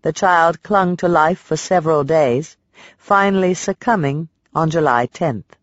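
Man narrating history, slightly high voice. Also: dry recording, muffled recording. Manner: measured, lifts and stresses quoted passages. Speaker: audiobook narrator.

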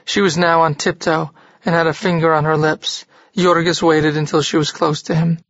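An audiobook narrator reading a literary novel in a steady, even manner. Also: mid-range voice, normal speed, dry recording, highs cut off.

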